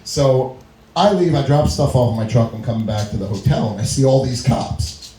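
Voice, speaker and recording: Here a middle-aged man's stand-up set comes through with a dark-toned, medium-pitched, animated voice at a moderate pace, faint music playing behind him. He spins long stories, laughs at his lines, and acts out quotes, all recorded in an echoey small comedy venue.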